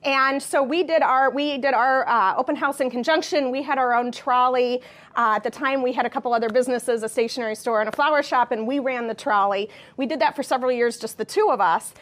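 A woman's voice: high voice, fairly quick. Cheerful chatty woman guest. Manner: cheerful, chatty, with many ums and uhs. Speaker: shop co-owner, guest. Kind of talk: TV interview.

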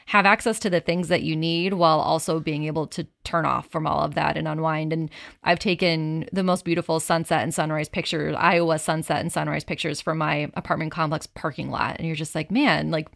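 Young woman, Chicago accent, low gravelly voice, chatty interview guest. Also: fairly even intonation, a little fast, a bit bright, no room sound, studio quality. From Naperville, Illinois. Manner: chatty, repeats words as she talks. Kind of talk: casual interview chat.

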